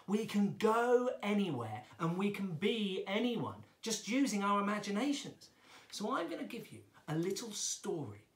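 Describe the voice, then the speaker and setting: A man's voice: high voice, fairly bright tone, echoey room. A man teaching children a drama lesson in a chatty, playful and encouraging way.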